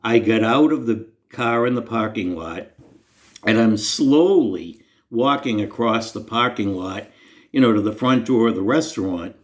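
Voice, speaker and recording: A Christian storyteller with a lowish voice speaks a little slowly to the camera. He shares a personal faith story in an earnest, conversational and self-deprecating way.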